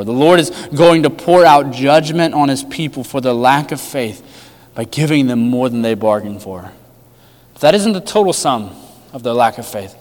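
A man preaching a sermon with emphatic rhetorical questions, his delivery swinging between loud and hushed. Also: a little high, in a large hall. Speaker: pastor.

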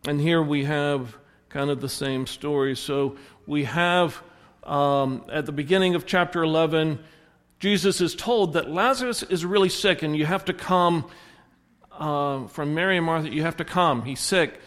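A pastor delivers a sermon in a fairly high, fairly bright voice at a measured pace, retelling a story and performing each character's quoted lines. The recording carries a long hall reverb.

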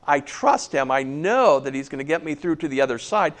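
A man's voice: a little high, lively intonation, a little fast. A man preaching a sermon in a conversational way, often checking in with "okay?" and adding wry asides. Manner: conversational, keeps asking "okay?". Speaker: pastor.

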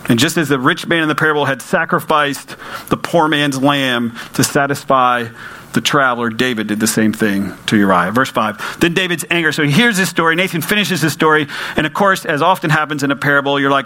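This pastor speaks a little fast with a bright, pushed voice on the high side, and the recording is rough. He preaches to his congregation conversationally, using rhetorical questions and emphatic repetition.

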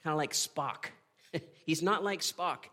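A man's voice: on the high side, pushed and bright. Earnest man preaching a sermon. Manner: earnest storytelling, dramatic pauses, asks the listener "right?". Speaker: pastor.

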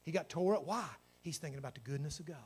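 A man's voice: on the high side, fast talker, a little mellow. A man, a pastor telling a story in his sermon and then praying with fervour. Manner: storytelling that builds to fervent praying.

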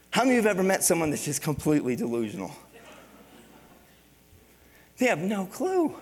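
High-voiced preacher in an echoing hall. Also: male voice. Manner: animated, conversational preaching with rhetorical questions. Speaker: pastor. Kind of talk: sermon with storytelling. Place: church sanctuary. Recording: long reverb of a church hall.

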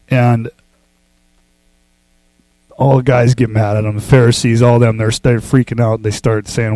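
A man preaching a casual sermon, talking loosely with fillers and restarts, and reading scripture slowly and with emphasis. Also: mid-range voice, dry recording, poor audio. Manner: relaxed, conversational, with fillers and restarts. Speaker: pastor.

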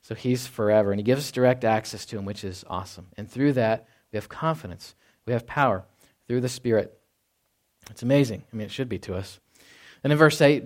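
A man's voice: mid-range voice, fairly quick, a little mellow. A man preaching a conversational sermon, often tagging his points with "right?" and asking rhetorical questions. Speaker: pastor.

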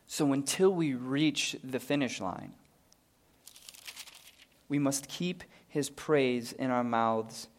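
With a mid-range voice, a pastor and father of a young daughter preaches during a live church service. Through his stories he moves between booming, emphatic highs and soft, hushed lows, finishing by leading a prayer.

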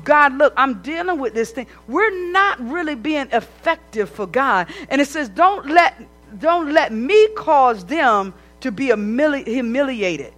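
A woman preaching a sermon, animated and emphatic, with conversational asides to the congregation. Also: high-pitched.

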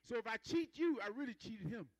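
A man's voice: very high voice, animated, fairly quick, dry recording, low-quality recording. A man preaching a sermon in a conversational style, calling for responses from the congregation and building rhythmic emphasis.

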